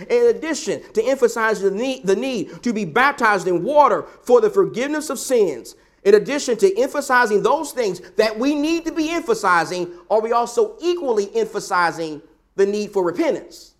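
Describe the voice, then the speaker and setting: High-voiced emphatic male preacher. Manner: emphatic, repetitive, rhetorical questions. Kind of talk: sermon.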